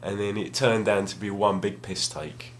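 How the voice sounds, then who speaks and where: A young man with a fairly low voice tells a long, rambling story about a bargain. He talks casually, restarts his sentences and pokes fun at himself. A faint hum sits under the recording. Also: normal speed. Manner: rambling, self-deprecating, restarts often. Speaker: gaming vlogger. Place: home room, at a table.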